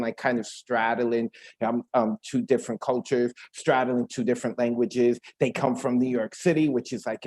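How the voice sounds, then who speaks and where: A man hosting an online open mic over a video call, chatting in an energetic, slangy way. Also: a little high. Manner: energetic, slangy, talks to the audience directly. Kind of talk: casual hosting banter.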